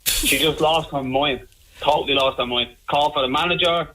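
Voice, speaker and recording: A man with an Irish accent, calling in to a radio show by phone and telling a story in an animated way that keeps coming back to the same points. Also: on the high side, normal speed, noisy background. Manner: animated, repeats himself while telling a story. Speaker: caller. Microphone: telephone. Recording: phone line.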